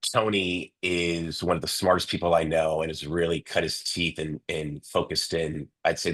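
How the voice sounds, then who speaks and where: Male coach host, very low nasal voice, casual and rambling, many "uh"s, heard over a video call. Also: bright, forceful tone, slightly rough. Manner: chatty, loose, with many fillers and restarts. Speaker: real estate coach hosting a webinar. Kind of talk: live online coaching session.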